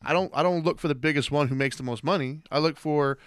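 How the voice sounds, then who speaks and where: Fast-talking male radio co-host. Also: fairly high pitch, smooth, no room sound, clean studio sound. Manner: earnest, talks in quick bursts with many fillers. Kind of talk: casual radio talk show conversation.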